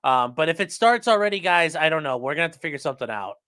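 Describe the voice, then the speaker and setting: A man with a slightly high, bright, forceful voice, clear and resonant, hosts a casual livestream at a racing pace. He's expressive, jokey, and rambling, reading viewer comments aloud.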